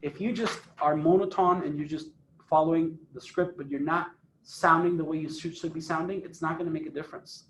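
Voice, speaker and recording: A man's voice: a little high, steady tone, a little fast, echoey room, a little hiss or hum. A man coaching a phone sales team, emphatic and repeating points for stress. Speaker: sales trainer. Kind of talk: phone sales training talk. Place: office phone room.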